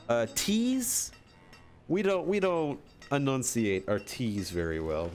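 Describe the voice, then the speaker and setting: A man's voice: mid-range voice, sing-song, takes it slowly, long pauses. A man with a Michigan accent, rambling and chuckling as he talks to viewers during casual gameplay commentary. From Michigan, USA. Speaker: streamer.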